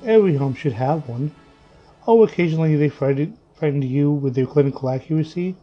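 A man reading a story aloud in a slow, vivid, measured way. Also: fairly high pitch. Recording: muffled lo-fi with faint music.

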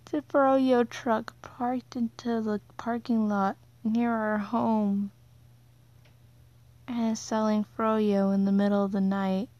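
A woman's voice: a little high, little pitch movement, slow pace, a little mellow, no room sound. A young woman casually retelling a dream in a rambling way, with many filler words as she goes. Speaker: vlogger. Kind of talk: casual storytelling. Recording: dull lo-fi sound.

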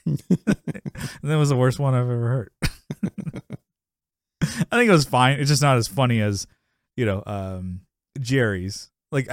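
Male podcast co-host, chatty and rambling, quick to laugh, mid-pitched, dry studio sound. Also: no room sound. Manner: rambling, laughs often, acts out quotes. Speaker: podcast co-host recapping a sitcom episode. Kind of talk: casual chat.

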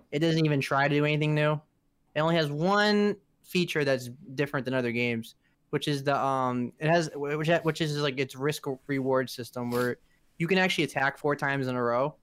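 A man with a fairly high, smooth and resonant voice talks casually on a podcast. He rambles with lots of fillers and restarts. The sound is close and dry. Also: a bit bright, no echo. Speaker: podcast co-host.

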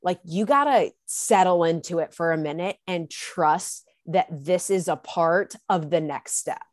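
An earnest, encouraging woman hosting a podcast, speaking slowly and deliberately in a lowish voice. She swears casually as she talks. The sound is dry and close to the mic. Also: no room sound. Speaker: podcast host.

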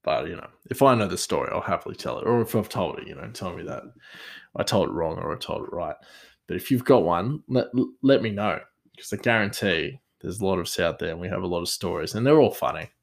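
An Australian man hosts his podcast with loose, rambling stories and a self-deprecating manner. His voice sits low with a gravelly fry, and he often breaks into laughter. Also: animated, quick pace. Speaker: podcast host. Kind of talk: casual storytelling.

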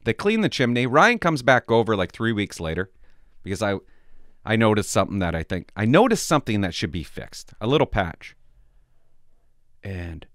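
Middle-aged man, casual vlog chat, rambling storyteller, lively swings in pitch, dry close sound. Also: moderate pace, pauses often, no room sound. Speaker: vlogger.

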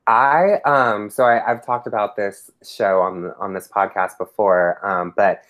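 Low-voiced woman chatting with many fillers. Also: steady tone, a little slow. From Texas. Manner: rambling, many fillers and restarts. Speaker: podcast co-host. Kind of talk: casual chat.

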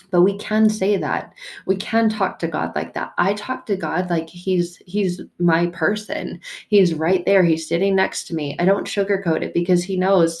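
A woman's voice: lowish voice, moderate pace, a little mellow. A woman hosting a faith podcast, talking frankly and from the heart, swearing casually in a conversational way. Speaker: podcast host. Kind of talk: candid faith podcast talk.

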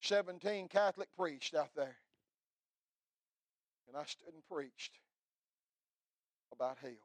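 A middle-aged man preaching a fiery revival sermon, swinging from loud cries to hushed telling. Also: a little high, slow, no room sound. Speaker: pastor.

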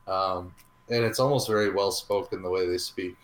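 A relaxed man talks through a restaurant visit in loose, rambling chat, often pausing on ums. His voice sits low. The room around him adds a roomy echo. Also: a little hiss or hum. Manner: rambling, easygoing, many ums. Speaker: podcast co-host. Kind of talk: casual chat reviewing a restaurant.

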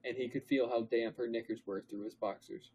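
A young man with a husky, slightly breathy voice reads a story aloud for a comedy podcast. His narration is deadpan and mock-dramatic, and his pitch sits in an ordinary middle range. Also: brisk, poor audio. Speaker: podcast co-host reading fan fiction aloud.

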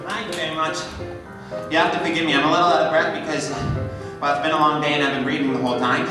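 A young man doing a manic 1950s stage comedian with a high, nasal showman delivery that races along. It sounds like a live show in an echoey hall, picked up from far off, with music playing behind. The pitch sits well up. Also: level tone, fast talker, close to an everyday voice. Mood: breathless.

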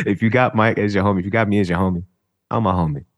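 A man in casual chat as a podcast co-host, talking in a relaxed, reflective way with plenty of slang. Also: lowish voice, no echo.

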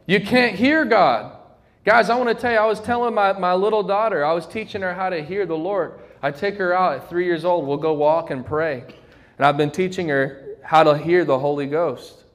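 Man, pastor, fervent sermon, fairly high voice, slows down for emphasis. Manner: fervent preaching, slows down to stress key lines.

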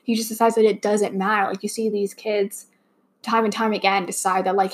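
A young woman talks through a fan podcast on her own, rambling and heartfelt, full of fillers and restarts. Her voice sits at an ordinary middle pitch, and she sounds a little choked up. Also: little pitch movement, fairly quick. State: slightly choked up. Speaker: podcast host. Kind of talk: casual fan podcast monologue.

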